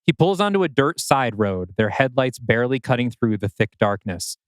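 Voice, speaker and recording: A man reading scripted narration for an audio drama in a measured, wry manner. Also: medium pitch, sing-song, dry recording, studio quality.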